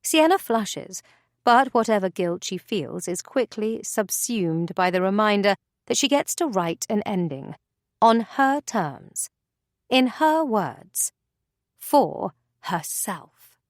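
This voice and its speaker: Lady reading an audiobook, expressive and measured, super dry close mic. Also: medium pitch, no echo. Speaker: narrator. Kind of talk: audiobook narration.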